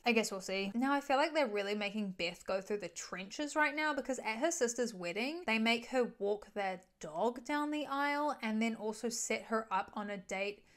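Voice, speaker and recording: A woman's voice: fairly high pitch, moderate pace, few pauses. A young woman chatting through a gossipy, chaotic movie recap as a vlogger. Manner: chaotic, gossipy, animated retelling with quoted asides.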